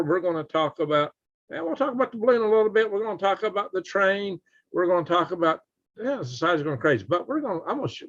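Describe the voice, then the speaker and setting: A man's voice: medium pitch, dry recording, highs cut off. A man hosting a late-night live stream, chatting with viewers in a folksy way and exclaiming in outrage at the news. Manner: folksy, exclaims in outrage, laughs at own jokes.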